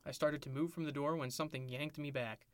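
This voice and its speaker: Man reading fan fiction deadpan. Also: fairly high pitch, fast, dry recording. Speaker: podcast co-host.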